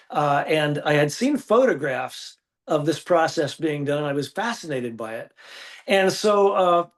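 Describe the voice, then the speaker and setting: A man with a fairly high voice telling stories in a relaxed interview. He acts out quoted dialogue with lively shifts and comes through on a phone or video call. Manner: animated storyteller acting out quoted dialogue. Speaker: guest artist. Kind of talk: casual interview storytelling.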